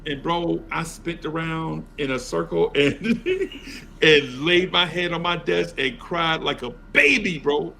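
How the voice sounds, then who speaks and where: A man's voice: fairly high pitch, unhurried, creaky, slight background noise. A man hosting a casual sports talk show, telling stories with animation and acting out other people's voices. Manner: animated storyteller, acts out voices. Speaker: podcast host.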